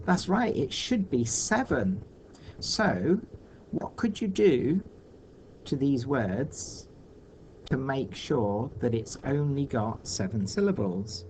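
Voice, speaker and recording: A man's voice: mid-range voice, expressive, takes it slowly, darkish tone, slight background noise. A man teaching a recorded video lesson for children, patiently talking through each step aloud.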